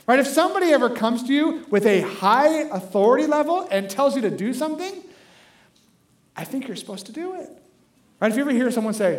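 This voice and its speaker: A male pastor delivers a lively sermon with a high voice, talking to the congregation conversationally and checking in with "right?" again and again. The sound is roomy, as though it were picked up in a large echoing sanctuary. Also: fast. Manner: animated, conversational, keeps asking "right?".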